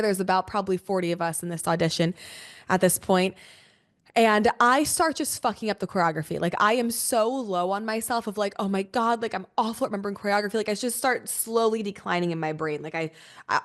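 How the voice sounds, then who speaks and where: Young woman host, casual and expressive, swears freely, laughs often, mid-range voice. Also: medium pitch, fairly quick. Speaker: podcast host. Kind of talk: casual storytelling to listeners.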